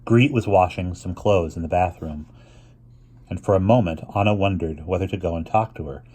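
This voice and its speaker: A husky, low-voiced man narrates a children's novel in a storybook style. He reads at a calm, unhurried, steady pace, occasionally stumbling and restarting a phrase.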